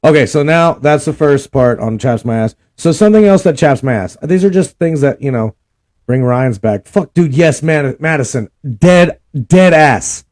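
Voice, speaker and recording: Young man, profane rant, high pitched, dark. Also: normal speed. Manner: ranting, cussing, animated. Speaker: vlog host.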